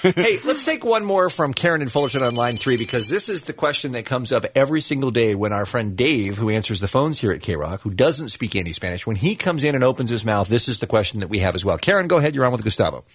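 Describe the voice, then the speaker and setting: A man hosting a morning radio talk show, brisk and teasing as he takes calls and leads the chat. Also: mid-range voice, big pitch swings, slightly rough.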